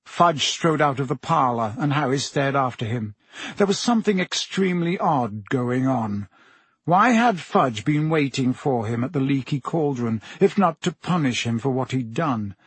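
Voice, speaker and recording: Husky-voiced man reading a storybook. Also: mid-range voice, lively intonation, moderate pace, no echo. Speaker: audiobook narrator. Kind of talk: scripted storybook narration.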